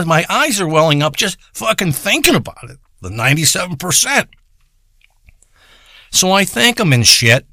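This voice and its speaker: A man telling a rambling, profane comic story in a crude, deadpan way. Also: high-pitched, moderate pace, dry recording, studio quality. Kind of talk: rambling comedic monologue.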